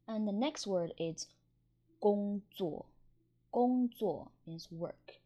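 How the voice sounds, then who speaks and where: A woman with a Mandarin Chinese accent teaches pronunciation at a very slow, deliberate pace. Her voice is mellow and soft-edged. She repeats each word again and again in patient drills. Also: medium pitch.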